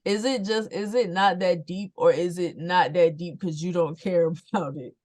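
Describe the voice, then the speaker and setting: Lower-voiced woman co-hosting a podcast. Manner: lively, quick to laugh. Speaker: podcast co-host. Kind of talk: casual podcast chat.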